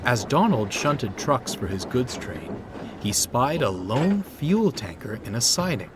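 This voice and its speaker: A man narrating a train story in a measured, expressive reading voice. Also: medium pitch. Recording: music under the narration.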